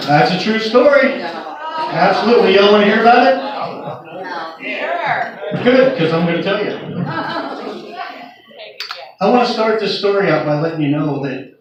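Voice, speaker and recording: A man performs stand-up, telling crude punchline-driven stories in a fairly high voice. The recording is dull and taken from a distance, with heavy echo from the room. An audience laughs loudly behind him. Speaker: stand-up comedian. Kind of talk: stand-up comedy set. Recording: echoey live club recording from afar.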